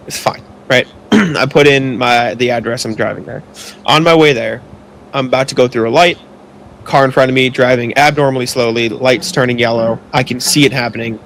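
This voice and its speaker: A young man with a gravelly, creaky voice tells a casual story on a podcast. His telling rambles, full of filler words and the odd curse, and his pitch sits in an ordinary middle range. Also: a little fast, a bit bright, slight background noise. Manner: rambling, heavy use of filler "like", swears when annoyed. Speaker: podcast co-host.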